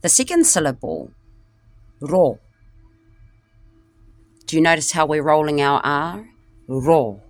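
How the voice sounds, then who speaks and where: A woman teaching word pronunciation in a short lesson, breaking words into syllables and saying them slowly and carefully. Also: deep voice, sing-song, no room sound. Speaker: language teacher.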